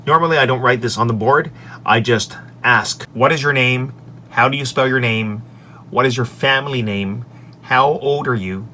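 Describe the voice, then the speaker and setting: A man who teaches English, recorded in his office on a desk microphone, walking through his lesson slides in an upbeat way and saying each example sentence clearly. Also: medium pitch, normal speed, bright, forceful tone, a little hiss or hum. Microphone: desk microphone on an extension arm.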